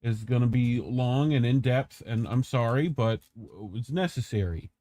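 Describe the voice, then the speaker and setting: A man's voice: medium pitch, moderate pace, mellow, no room sound. A man casually commenting on clips in a loose, joking, profane manner. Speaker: show host reacting to clips.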